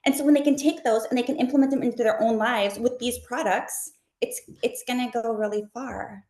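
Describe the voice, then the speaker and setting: A woman who makes live shopping videos, answering interview questions casually and talking fast like an animated storyteller. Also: on the high side. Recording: roomy echo.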